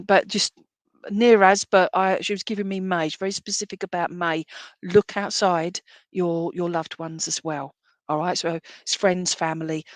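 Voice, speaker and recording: A woman medium gives a live-streamed reading in a slightly low voice. She talks in a chatty, affectionate way, calling people "my lovely", and she often rambles and restarts. The sound is dry and close to the mic. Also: dry recording. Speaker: spiritualist medium.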